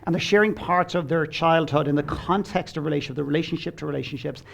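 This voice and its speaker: A man's voice: on the high side, quick pace, creaky. A man speaking as a guest coach, telling stories in an earnest, blunt way, acting out quoted dialogue and swearing casually. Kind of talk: conversational storytelling.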